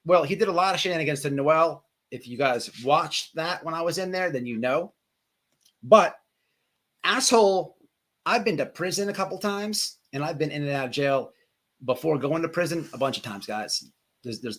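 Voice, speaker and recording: Casual male livestream host, swears freely, trips over repeated words, bright timbre. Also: a little high. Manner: rambling, profane, repeats words.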